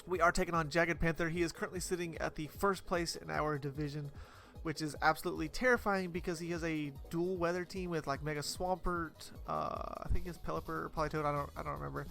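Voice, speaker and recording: A man's voice: on the high side, steady tone, quick pace, gravelly, bright, forceful tone, faint music behind. A young man giving casual gameplay commentary over his own battle, rambling and chatty with frequent fillers and self-corrections. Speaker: competitive Pokemon player commentating his battle.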